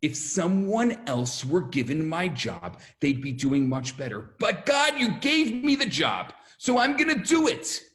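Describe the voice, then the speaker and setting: A man playing Moses, who pleads earnestly with God and swings from low and humble to loud and resolved. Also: big pitch swings, unhurried, few pauses. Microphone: video call.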